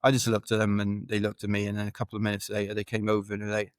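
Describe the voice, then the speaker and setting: British male podcast guest, low flat delivery, dry close sound, rambling self-deprecating anecdotes. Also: rapid-fire, no room sound. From United Kingdom. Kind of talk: casual anecdotal storytelling.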